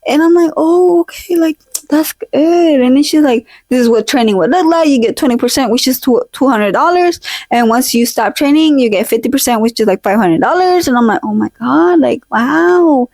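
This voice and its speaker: Chatty high-voiced young woman storyteller. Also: expressive, brisk, darkish tone, dry recording. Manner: chatty, slangy, mixes in Spanish phrases. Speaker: podcast vlog host. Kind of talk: casual storytelling chat. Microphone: handheld or desk mic, drifts off it. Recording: poor home recording.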